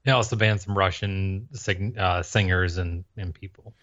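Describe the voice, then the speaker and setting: A man co-hosting a podcast in casual chat, joking in a dry, deadpan way. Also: low voice, normal speed. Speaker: podcast co-host. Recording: slightly dull, lo-fi sound.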